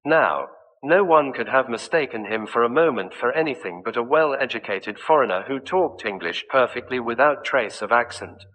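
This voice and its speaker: A man narrates a classic mystery in a bright, forward voice. His reading is measured and even. A long reverb trails behind every line. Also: mid-range voice. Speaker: audiobook narrator. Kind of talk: scripted narration of a mystery story.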